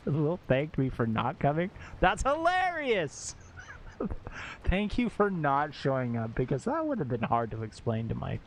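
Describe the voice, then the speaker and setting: A man live-streaming a game and chatting casually with viewers, excitable, laughing often and swearing when surprised. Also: mid-range voice, a little hiss or hum. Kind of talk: casual gameplay commentary to chat. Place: at home.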